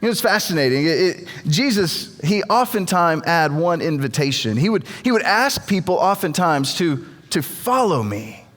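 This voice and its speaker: High-voiced man preaching in reverberant church. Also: very animated, normal speed, few pauses, a bit bright. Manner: conversational storytelling with frequent repeated words. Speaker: pastor. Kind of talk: sermon. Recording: long reverb of a church hall.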